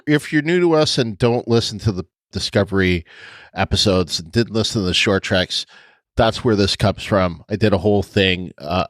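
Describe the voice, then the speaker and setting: A man's voice: low-pitched, fairly bright tone, dry recording. A man co-hosting a podcast in casual chat, rambling through his point with frequent restarts and laughs. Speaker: podcast co-host.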